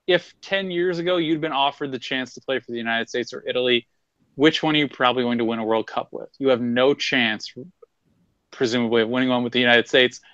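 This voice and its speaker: A man's voice: mid-range voice, fairly even intonation, brisk, a bit bright, no room sound, muffled recording. A man co-hosting a casual sports chat, blunt and swearing freely as he argues his points in bursts. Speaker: podcast co-host.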